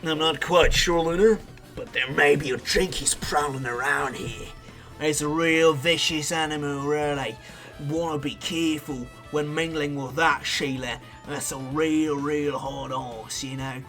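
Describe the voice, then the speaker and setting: A hearty, drawling outback bloke with a thick put-on Australian accent, as a man hams it up between plays. He's jovial and loud, his voice bright and edgy, with faint game music behind. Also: on the high side, steady tone, measured pace, voice pushed down. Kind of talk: playful character voice during game commentary.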